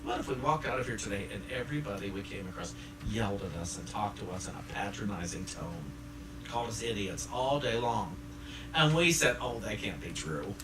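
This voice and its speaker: A man preaching a sermon to a congregation, swinging between hushed and loud, laughing along with the room. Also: on the low side, animated, fairly quick. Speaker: pastor. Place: church sanctuary with congregation. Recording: echoey church, distant mic, audible hiss.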